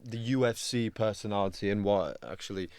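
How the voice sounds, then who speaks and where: A man's voice: on the low side, a little fast, a little mellow, smooth, no room sound. A man hosting a podcast, asking loose, casual questions and laughing often. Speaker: podcast host.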